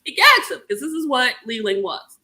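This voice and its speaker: A woman's voice: sits high, sing-song, normal speed, bright, forceful tone. A young woman chatting casually, animatedly retelling a story with swearing and acted-out quotes. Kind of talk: casual chat.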